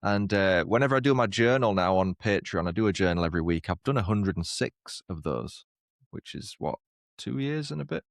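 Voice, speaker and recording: A man with a lowish voice chats easily as a podcast co-host and often breaks into laughter at his own jokes. The sound is dry and close, with no room around it. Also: animated, a little fast, creaky, dry recording. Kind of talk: casual chat. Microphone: lapel mic on walks, studio mic here.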